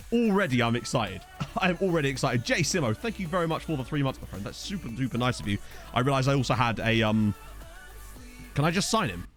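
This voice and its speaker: A man casually chatting on a live game stream, rambling, joking and thanking viewers as he plays. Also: medium pitch. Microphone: desk condenser microphone.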